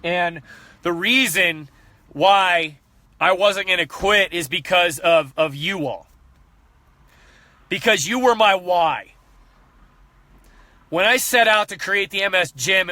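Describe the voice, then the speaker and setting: A man in his thirties giving a candid motivational talk as a fitness coach, earnest and animated, repeating himself when he gets fired up. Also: high voice, no echo.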